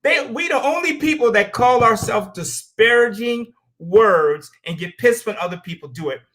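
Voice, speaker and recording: A man's voice: extremely high pitch, animated, moderate pace, fairly bright tone. A man from the United States hosting a show, delivering a heated, profane opinion monologue and telling stories with acted-out quotes. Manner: blunt, profane, heated ranting. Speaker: show host.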